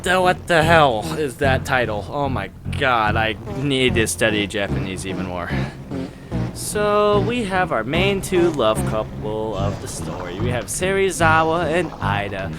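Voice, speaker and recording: A man's voice: mid-range voice, unhurried. Rambling, profane man over background music. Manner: rambling, profane, excitable ranting. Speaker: anime and manga reviewer. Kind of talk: casual review monologue.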